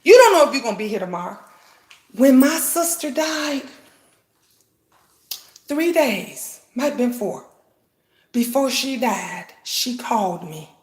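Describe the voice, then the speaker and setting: High-voiced woman preaching passionately to viewers. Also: big pitch swings, measured pace, pauses often, a little mellow. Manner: emotional, impassioned, with repeated phrases and blunt swearing. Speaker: vlogger. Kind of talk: heartfelt preachy monologue to viewers. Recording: roomy echo.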